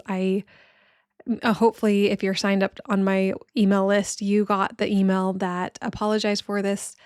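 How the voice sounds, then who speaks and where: A woman's voice: mid-range voice, darkish tone, no echo, studio quality. A woman hosting a podcast, telling a personal story in a candid, reflective, conversational way with casual fillers. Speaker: podcast host.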